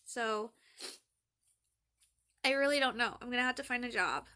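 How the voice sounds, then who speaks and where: A woman's voice: on the high side, moderate pace, bright, forceful tone. A young woman in a casual diary vlog, rambling and chatty as she retells conversations. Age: young adult. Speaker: college student vlogger.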